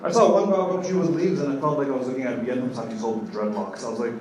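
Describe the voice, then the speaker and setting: A young man doing a stand-up comedy set on a club stage, telling loose stories full of "like" fillers and getting loud on the punchlines. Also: medium pitch, fast, crowd noise. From Kenya. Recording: echoey club audio from far off, with room noise.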